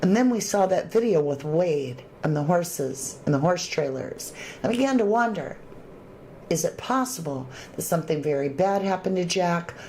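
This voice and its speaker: A woman's voice: fairly low pitch, lively intonation, moderate pace, darkish tone, slight background noise. A woman hosting a true crime livestream, reading viewer comments aloud and chatting casually, thanking viewers with endearments.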